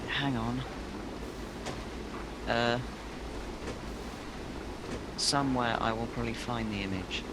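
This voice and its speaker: A man's voice: medium pitch, slow, long pauses. A man chatting over a train game, hesitant with many ums and a dry sense of humour. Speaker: co-host. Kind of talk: casual gameplay chat. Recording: clear background noise.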